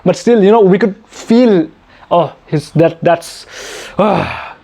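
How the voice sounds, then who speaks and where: A man's voice: high-pitched, slow, dark tone. A young man from India hosting a casual Q&A for his channel, chatty and self-mocking, laughing often. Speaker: YouTube channel host. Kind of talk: casual Q&A chat.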